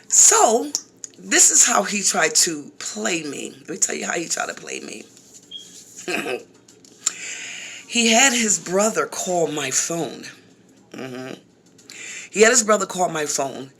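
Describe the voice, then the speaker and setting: Animated woman telling a story. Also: fairly low pitch, slow pace, long pauses, slightly rough. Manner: animated, repeats phrases, frequent asides to viewers. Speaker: vlogger. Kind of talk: casual storytelling vlog.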